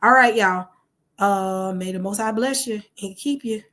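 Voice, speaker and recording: A hoarse woman, talking casually to her viewers, rambling with fillers and correcting herself as she goes. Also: mid-range voice, a little slow, very noisy. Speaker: channel host.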